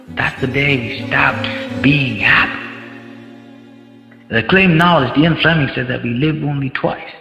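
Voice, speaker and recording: A man's voice: medium pitch, steady tone, normal speed, vocal fry. A man telling a story in a speech to an audience, in a dramatic way and with questions to the crowd. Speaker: contest speaker. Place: large hall. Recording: echoey hall, dull sound, faint music.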